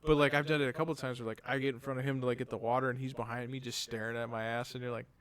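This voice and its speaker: A man's voice: medium pitch, flat delivery, rapid-fire, a bit bright, clean tone. A man in his thirties, a podcast co-host, telling a rambling, profane family story with acted-out dialogue in casual chat. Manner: rambling anecdotes with acted-out dialogue, swears freely.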